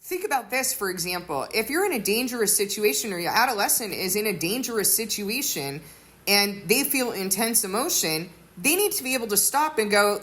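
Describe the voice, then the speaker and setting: A woman's voice: medium pitch, very animated, a little fast, fairly bright tone. A woman giving an earnest sermon-style teaching, explaining with everyday examples. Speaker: teacher of a faith community.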